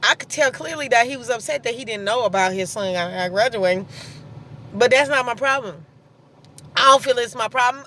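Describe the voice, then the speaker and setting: A thirtysomething vlogger records in her car, bluntly and sassily venting through a story while laughing along. Her voice is on the higher side, bright and forceful.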